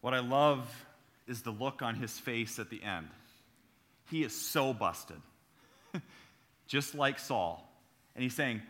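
A man's voice: medium pitch, slow, pauses often, a bit bright. A young adult man preaching a sermon in a church, talking conversationally and telling funny stories, calling out to the audience. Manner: conversational, humorous storytelling with audience call-outs. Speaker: pastor. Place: church sanctuary.

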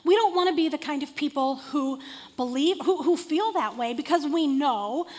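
A woman preacher giving a conversational, animated sermon to a seated congregation in a room. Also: high voice, moderate pace, in a large hall. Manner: conversational and animated, acting out quotes.

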